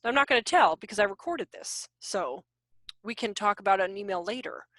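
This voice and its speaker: A woman in her forties, a behavior consultant, giving an animated, jokey online workshop talk over a video call. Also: mid-range voice, a little fast, slight background noise. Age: 40s. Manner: animated, self-deprecating, jokey.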